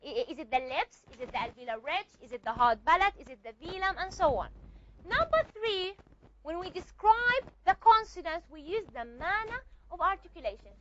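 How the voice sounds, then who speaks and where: High, lively woman teaching phonetics. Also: a little fast, lo-fi sound, a little hiss or hum. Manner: repeats points and checks understanding with questions. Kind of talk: classroom lecture. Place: classroom.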